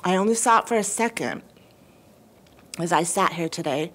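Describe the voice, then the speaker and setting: A woman calling in to a radio show, crying as she talks in a halting, emotional way with many restarts. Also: on the low side, a bit bright. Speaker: caller. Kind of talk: call-in conversation.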